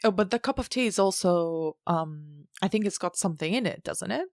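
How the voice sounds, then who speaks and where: A woman's voice: on the low side, lively intonation, moderate pace, a little mellow, dry recording. A woman hosting a casual film discussion, making dry, wry asides.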